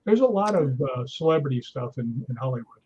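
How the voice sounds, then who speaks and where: Husky middle-aged man telling stories. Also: medium pitch, fairly quick. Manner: animated anecdotal storyteller. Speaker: guest, stuntman. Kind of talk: casual storytelling in conversation. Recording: dull lo-fi sound.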